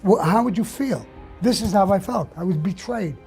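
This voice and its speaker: A man's voice: sits high, animated, moderate pace, a little mellow, soft background music. An older man telling stories as an interview guest, blunt and profane. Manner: blunt, profane, gravelly storytelling. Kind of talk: storytelling in an interview.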